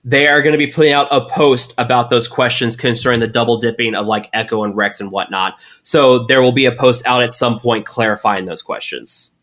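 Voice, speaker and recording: A man sitting in as co-host on a casual podcast, talking eagerly and rambling. He leans on fillers and restarts, and his voice sits at an average pitch for a man. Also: fairly even intonation, brisk, few pauses, a bit bright. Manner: enthusiastic, rambling, lots of fillers.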